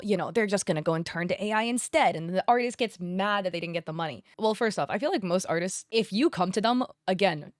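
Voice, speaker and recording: A young woman giving casual, animated commentary as a streamer, often slipping into quick quoted voices. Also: mid-range voice, no room sound, studio quality. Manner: animated, conversational, quoting others in quick voices. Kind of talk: casual commentary on online drama.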